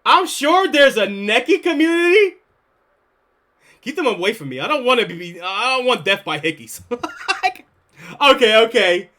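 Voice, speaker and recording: A male streamer with a very high, bright and piercing voice talks casually to his chat. His pitch jumps around a lot as he jokes and laughs his way through a reaction. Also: sing-song, normal speed, long pauses.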